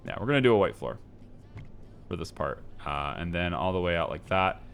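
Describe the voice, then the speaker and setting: A man's voice: sits low, very animated, a little fast, gravelly, a bit bright, soft background music. A man giving casual gameplay commentary, rambling, indecisive and poking fun at himself as he decorates. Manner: rambling, indecisive, self-mocking. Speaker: gameplay streamer.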